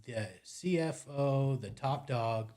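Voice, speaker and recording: A man's voice: medium pitch, takes it slowly. A man in his forties who owns a fly shop and guides fishing trips, telling a story casually on a podcast and acting out the dialogue. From United States. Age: 40s. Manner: animated, acts out quoted dialogue, drops to near-mutter at times.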